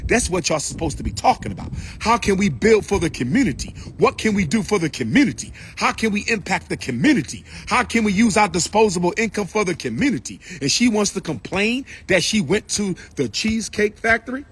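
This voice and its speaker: A man's voice: high-pitched, sing-song, brisk, few pauses, a bit bright, slightly rough. A man giving an impassioned, repetitive lecture and calling out to his listeners. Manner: preachy, repetitive, calls out to the audience. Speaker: speaker addressing an audience.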